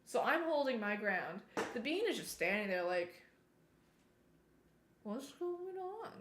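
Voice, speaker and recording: A woman streamer telling a story in a casual, animated way while she plays, now and then breaking off to remark on the game. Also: mid-range voice, moderate pace, a little hiss or hum. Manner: chatty, animated retelling, breaks off to comment on the game. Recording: roomy echo.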